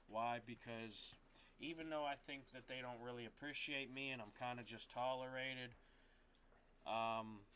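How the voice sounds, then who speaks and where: Man, gamer streamer, frustrated rant, rambling, bright voice, faint hiss behind. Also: medium pitch. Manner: rambling, frustrated, swears often, restarts sentences. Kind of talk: casual rant to stream chat.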